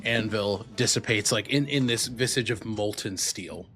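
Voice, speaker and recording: A man running a tabletop game as game master, narrating rules and moves in an unhurried, casual way. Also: lowish voice, a bit bright, soft background music.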